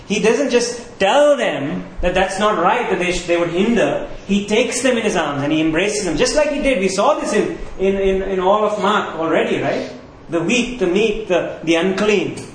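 A man's voice: sits high, lively intonation, moderate pace, hardly any pauses, slight background noise. A man preaching a sermon as pastor in a conversational, earnest way, often checking in with the listeners. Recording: roomy echo.

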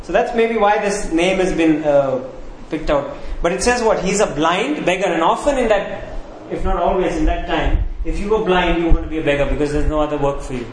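High-voiced preacher in a very echoey room. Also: male voice, fairly quick, few pauses, a little hiss or hum. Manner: asks the congregation questions, repeats key phrases. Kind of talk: sermon. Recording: very echoey room with faint ambience.

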